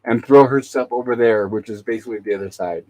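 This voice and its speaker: A man's voice: mid-range voice, fast, a little mellow, rough recording. A man hosting a talk show, casually retelling TV episode scenes and quoting the characters' lines. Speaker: podcast host.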